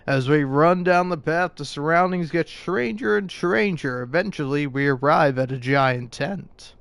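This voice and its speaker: A man's voice: a little high, fairly bright tone, clean tone, no room sound. Rambling, sarcastic young man commentating. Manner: rambling, sarcastic, stammering and profane. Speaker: gameplay commentator. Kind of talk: casual gameplay commentary.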